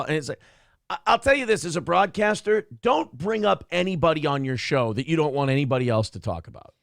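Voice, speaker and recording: A man's voice: on the high side, a little fast, gravelly, a bit bright, no room sound, clean studio sound. A man hosting a talk show, giving blunt, profane commentary on a clip in a casual, ranting way. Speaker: show host.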